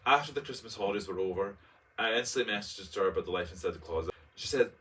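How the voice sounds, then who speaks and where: With a faint hiss or hum in the background, a fast-talking Scottish vlogger in his late twenties reads his old essay, repeatedly interrupting himself with expressive, camp, playful remarks. His voice is lower-pitched, bright and forceful, and sounds slightly distant from sitting back off the mic.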